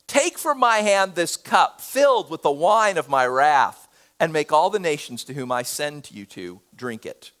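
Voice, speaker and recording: A male pastor preaching a sermon, swinging from loud, emphatic bursts to hushed, almost whispered lines. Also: fairly high pitch, sing-song, unhurried.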